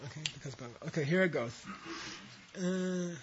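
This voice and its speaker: A man's voice: on the high side, moderate pace, muffled recording, a little hiss or hum. A man teaching a language class, reading out syllables, counting the students in and adding chatty asides.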